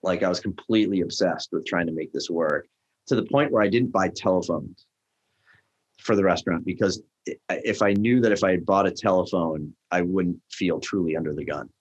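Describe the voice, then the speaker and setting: On dull-sounding audio, a middle-aged restaurant tech founder speaks briskly while recounting stories for a podcast interview. His delivery is animated, and he acts out other people's dialogue with sudden leaps in pitch.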